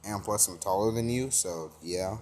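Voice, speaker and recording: A man casually voicing a calm, confident young hero. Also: on the low side, normal speed, slight background noise, close to an everyday voice. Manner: casual, self-assured, hardly acted. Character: calm confident young male hero, older brother type.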